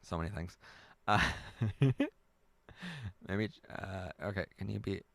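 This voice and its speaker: Chatty man with a low voice. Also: fairly even intonation, takes it slowly, gravelly, no room sound. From United States. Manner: rambling, chatty, laughs often. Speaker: live stream host. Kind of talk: casual live chat reading viewer comments.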